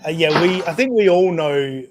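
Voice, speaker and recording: A man hosting a live-stream podcast in a loose, chatty way, laughing often and filling pauses with "uh". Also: fairly high pitch, lively intonation, background noise. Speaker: podcast host. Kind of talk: casual live-stream chat.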